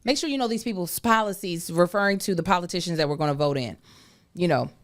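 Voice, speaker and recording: Woman, lowish voice, podcast co-host, chatty explainer. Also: quick pace. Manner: explains at length, with fillers and restarts. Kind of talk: casual chat.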